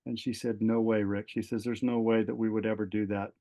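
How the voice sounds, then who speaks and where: A middle-aged retired fire captain from California tells a personal story as a podcast guest, his voice on the low side and brisk. An animated storyteller, he voices the quoted dialogue, with many fillers and restarts.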